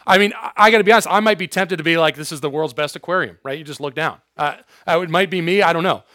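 High-voiced man preaching with jokes. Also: fast, dry recording, clean studio sound. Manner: casual, animated storytelling with jokes. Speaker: youth pastor. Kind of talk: sermon.

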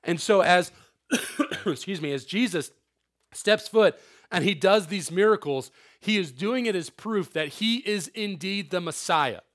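A young man preaching a sermon to a youth group, conversational and animated, with frequent asides. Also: high-pitched. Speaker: youth pastor.

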